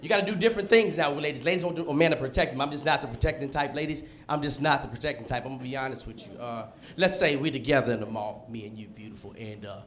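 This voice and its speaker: A man from the United States performing a stand-up comedy set on a club stage with punchy, animated delivery. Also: medium pitch, rapid-fire, few pauses. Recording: live club set with audience laughter. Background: crowd laughter and room noise.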